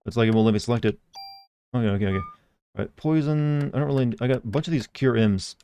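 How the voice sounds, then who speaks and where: A man's voice: mid-range voice, quick pace, dark tone. A young man casually commenting while he plays a game on a live stream, rambling and reading chat messages aloud.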